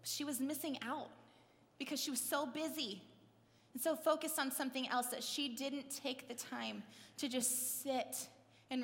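A high-voiced woman preaches in a conversational, animated way, often putting direct questions to the congregation. She slips into little acted scenes as she goes. Her voice carries a long hall reverb. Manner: conversational, asks the audience questions. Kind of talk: sermon.

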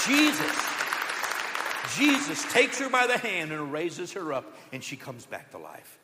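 A man preaching in a high, bright voice, moving between loud declarations and hushed asides as he tells stories. The sanctuary adds a long reverb to every word. He preaches like a pastor leading his congregation. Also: very animated, measured pace, a faint crowd. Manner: storytelling with quoted voices. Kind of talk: sermon. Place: church sanctuary. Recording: long church hall reverb.

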